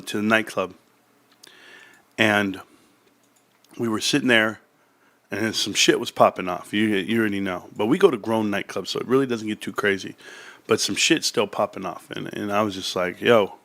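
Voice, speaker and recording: A man's voice: on the low side, moderate pace, long pauses, a bit bright, no echo. A man talking casually on his stock market livestream, rambling and heartfelt with many restarts, growing emphatic when he tells a story.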